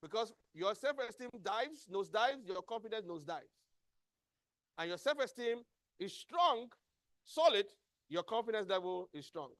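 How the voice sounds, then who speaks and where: A man's voice: high-pitched, lively intonation, normal speed, a bit bright, no room sound, clean studio sound. A man with a Nigerian accent giving a motivational training talk, emphatic and repeating key words as he quizzes his audience. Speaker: workshop trainer.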